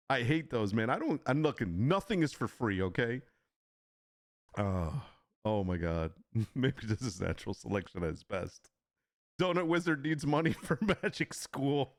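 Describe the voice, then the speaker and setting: A man's voice: medium pitch, animated, moderate pace, no echo, studio quality. A man hosting a casual livestream, laughing often and reacting in disbelief as he reads. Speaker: livestream host.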